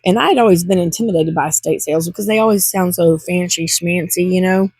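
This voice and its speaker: Gravelly, husky older woman vlogging. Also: lowish voice, quick pace, a little mellow, no echo. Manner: rambling, chatty, gets teary. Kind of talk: casual chat to camera.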